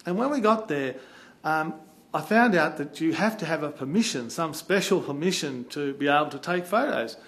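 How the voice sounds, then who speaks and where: A man from Australia with an Australian accent, telling a travel story in a chatty, animated way. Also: on the high side, normal speed, creaky. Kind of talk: casual anecdote.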